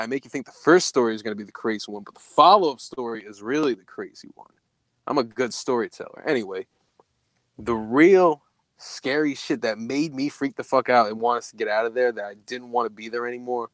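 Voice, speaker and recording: A young man casually telling a spooky story, swearing a lot and jumping to a high voice when he quotes himself. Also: fairly quick, no room sound. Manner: profane, animated, voice jumps high when quoting himself.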